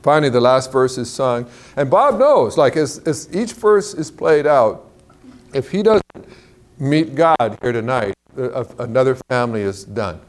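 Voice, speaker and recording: A man preaching to a large church crowd, telling a story with lively acted-out quotes and a lot of pitch jumps. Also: normal speed. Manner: animated storyteller, acts out quotes in a higher voice. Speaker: guest speaker. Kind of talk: sermon storytelling. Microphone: clip-on mic.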